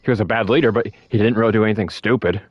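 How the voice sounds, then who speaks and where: A man chatting casually as a fan, animated and full of restarts. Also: on the low side, racing, dry recording. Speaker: fan discussing a movie trailer. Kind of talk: casual chat. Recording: dull lo-fi dry sound.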